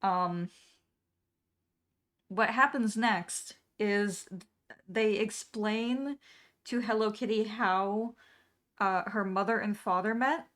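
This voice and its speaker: A woman's voice: mid-range voice, slow, pauses often, fairly bright tone. A young adult woman streaming, casually retelling a cartoon episode in a rambling way, full of filler words. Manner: rambling, full of "um" and "like", laughing at the plot. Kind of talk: casual storytelling recap.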